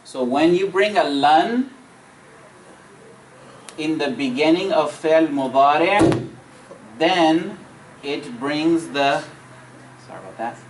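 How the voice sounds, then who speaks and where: Teacher in a classroom, a man with a slightly high voice who checks in with "all right?" and recites verses quickly, light noise behind. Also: lively intonation, poor audio. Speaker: Arabic teacher. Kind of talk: classroom grammar lesson. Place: classroom with students.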